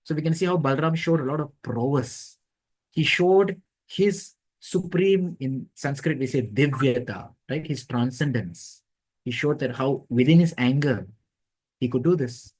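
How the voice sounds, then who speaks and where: A man's voice: mid-range voice, unhurried, darkish tone, slightly rough, rough recording. Man retelling scripture stories in class. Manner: storytelling, acting out quoted dialogue. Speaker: lecturer. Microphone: online class audio.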